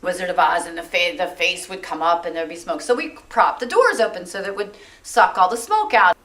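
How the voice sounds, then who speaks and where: A woman telling a theatre anecdote in an animated way, acting out the quoted lines in raised voices. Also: fairly low pitch, a little fast. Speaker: interviewee in theatre documentary.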